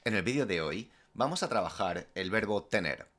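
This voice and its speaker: Male language teacher, lower voice, very lively intonation, clear deliberate phrasing for listen-and-repeat. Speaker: Spanish teacher. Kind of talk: scripted language lesson.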